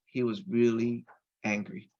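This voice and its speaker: A man telling a personal family story on a podcast in a lively, anecdotal way, with frequent restarts. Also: mid-range voice, a little slow, muffled recording. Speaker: podcast guest. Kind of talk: casual storytelling.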